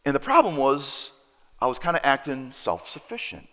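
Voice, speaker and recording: A man preaching a sermon, telling a personal story and acting out both sides of the dialogue with lively emphasis. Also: medium pitch, fairly quick. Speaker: pastor. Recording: preacher in a reverberant hall.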